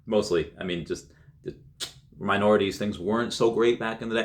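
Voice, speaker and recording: A man's voice: lowish voice, moderate pace. A young man reading a magazine story aloud, often stopping to laugh and add casual comments of his own. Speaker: YouTuber reading an article.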